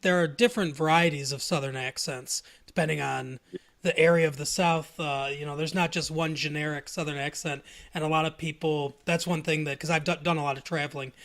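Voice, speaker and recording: Man, higher-pitched, easygoing, casual podcast talk. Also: fairly bright tone. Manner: easygoing, chuckles while talking. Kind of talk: casual chat.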